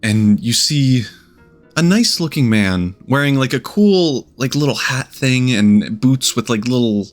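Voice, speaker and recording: A man's voice: medium pitch, lively intonation, measured pace, faint music behind. A man running a tabletop game as game master, narrating in a hesitant, trailing way with many fillers.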